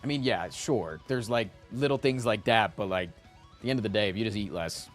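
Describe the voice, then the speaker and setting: A man streaming live who chats casually with his viewers, rambling and animated, often tacking "man" onto his sentences. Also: on the low side, a little fast, faint music behind.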